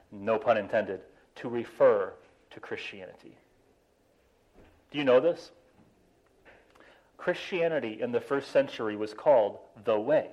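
A man preaching a sermon, animated, stressing key words and slowing down for emphasis. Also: medium pitch, low-quality recording. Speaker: pastor.

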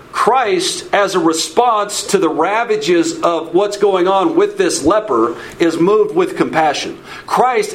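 A man with a notably high voice leads a conversational Bible study. He talks loosely, restarts his phrases and keeps checking in with his listeners by asking "okay?" and posing questions to the group. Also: poor audio. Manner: informal, repeats words, checks in with "okay?"; asks the audience questions. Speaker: Bible teacher.

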